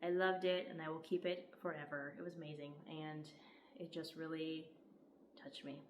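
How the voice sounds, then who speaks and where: A woman's voice: sits low, level tone, moderate pace, noisy background. A young woman gives an enthusiastic, heartfelt book review, peppered with "like". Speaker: book vlogger. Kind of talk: casual book review vlog.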